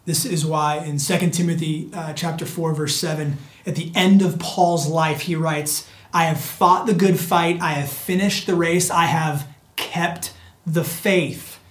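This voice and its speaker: A preacher giving a sermon in an earnest, repetitive way, often calling the listeners friends and sometimes dropping to a hushed near-whisper for emphasis. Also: mid-range voice, steady tone, measured pace. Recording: echoey room.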